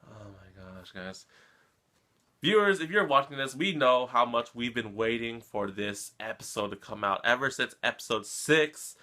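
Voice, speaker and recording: Bright-voiced man ranting about an anime episode. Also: mid-range voice. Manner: emotional, rambling, keeps addressing viewers with "guys" and "come on". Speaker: anime reaction channel host. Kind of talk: casual episode reaction and recap.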